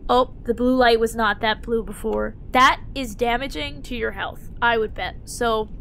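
A woman's voice: on the high side, steady tone, normal speed, gravelly, a bit bright, slight background noise. A young woman commentating her own horror game playthrough, dramatic and jokey, shrieking when startled. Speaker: gaming YouTuber. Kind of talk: let's play commentary.

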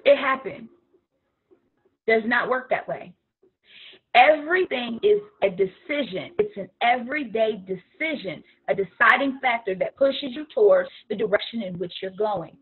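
A woman life coach giving an animated, emphatic motivational talk and acting out conversations. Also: on the high side, moderate pace, breathy edge. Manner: animated, emphatic, acts out dialogue with rising and falling intensity. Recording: tinny phone-like audio.

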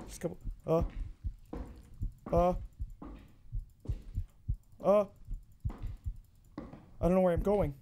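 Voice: medium pitch, fairly even intonation, slow pace, long pauses, mellow. Scared horror game streamer, swearing, self-soothing mutters, game noise behind, noisy mix. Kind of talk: live horror game commentary.

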